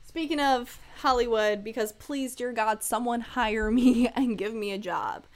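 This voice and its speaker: A woman's voice: fairly high pitch, unhurried. A woman in her twenties hosting a casual solo podcast, candid and rambling with lots of asides, joking irreverently and laughing often. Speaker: podcast host.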